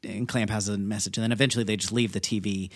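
A man's voice: lowish voice, fast, dry recording, clean studio sound. A man co-hosting a podcast, casually recounting film scenes in an easygoing way. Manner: relaxed storyteller, recounts scenes. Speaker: podcast co-host.

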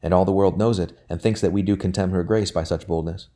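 A man voicing a peevish, anxious young gentleman in a storybook reading, complaining and fretful, low and dark in tone. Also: steady tone, quick pace, natural voice.

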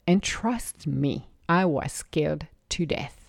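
A woman's voice: deep voice, takes it slowly, vocal fry, few pauses, dry recording. A woman telling her own life story to an audience in an emotive, rambling, motivational way. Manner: emotive, rambling, with laughs and restarts.

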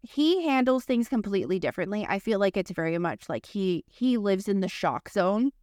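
A woman's voice: medium pitch, expressive, normal speed, a little mellow, dry recording, studio quality. Frank, profane woman telling a story. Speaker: podcast co-host. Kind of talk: casual conversation.

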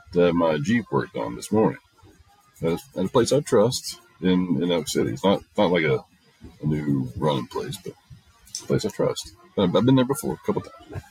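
Here a middle-aged podcast host talks deeply and huskily, his gravelly voice carrying a darkish tone as he tells profane, blunt stories in a casual monologue. The audio is poor, though there's no room sound.

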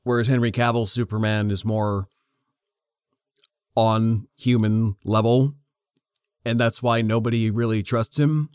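A man co-hosting a casual film debate, talking earnestly and putting on quick voices when he quotes. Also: lowish voice, steady tone, darkish tone, smooth, no room sound, studio quality. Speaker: podcast co-host.

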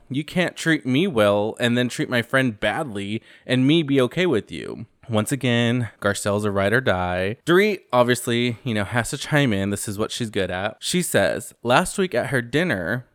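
A man's voice: medium pitch, fairly bright tone, dry recording, studio quality. A man hosting a casual reality TV recap, chatty and sassy as he quotes the cast.

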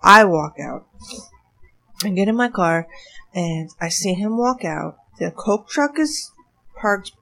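Animated woman telling a wild story. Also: medium pitch, takes it slowly, vocal fry, long pauses. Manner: animated, breathless, laughing through the story. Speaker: storyteller, former bartender. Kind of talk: casual storytelling chat.

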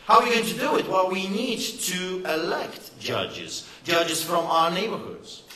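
A man delivers an impassioned political rally speech, emphatic and sarcastic. His voice sits a bit high and sounds bright and forceful. It bounces around a roomy, echoey hall. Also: big pitch swings, a little slow, slight background noise. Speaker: rally speaker. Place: event hall.

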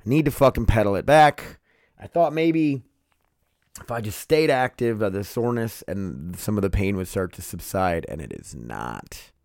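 A man's voice: fairly low pitch, sing-song, normal speed, darkish tone, no room sound, clean studio sound. A man hosting his own podcast in loose, rambling, profane chat, sleepy and yawning, calling his listeners "you guys" and "dude.". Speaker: podcast host.

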